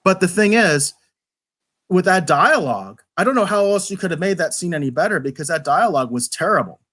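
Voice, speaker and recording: A man with a slightly high voice, co-hosting a live review show. He talks in an animated, rambling way, stumbling over restarts as he goes. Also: brisk. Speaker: podcast co-host. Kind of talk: casual review chat.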